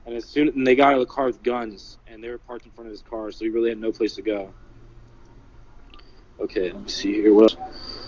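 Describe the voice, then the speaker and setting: Halting young man on lo-fi phone audio. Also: mid-range voice, a little mellow, a little hiss or hum. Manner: halting, filler-heavy, many "like" and "you know". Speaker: eyewitness recounting an event. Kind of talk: casual livestream account.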